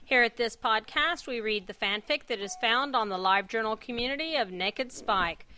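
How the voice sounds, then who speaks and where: Bright-voiced woman reading a story. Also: on the high side, normal speed, a little hiss or hum. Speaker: podcast host and fanfic reader.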